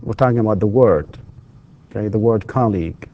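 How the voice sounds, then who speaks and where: A man's voice: fairly low pitch, fairly quick, warm tone, dull audio. A man lecturing an English class, patiently repeating words and prompting students with questions.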